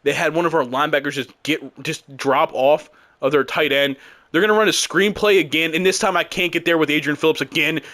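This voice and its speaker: A man's voice: on the high side, steady tone, a little fast. Frustrated young man ranting over gameplay. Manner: frustrated, exasperated, swings into loud outbursts. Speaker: gaming YouTuber. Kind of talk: live gameplay commentary.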